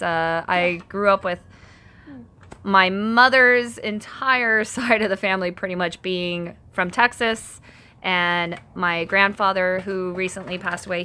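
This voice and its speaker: A woman's voice: medium pitch, sharp tone, clean tone. A woman hosting a casual live stream from home. She reads viewer comments aloud and answers them, chatty and self-conscious, laughing often.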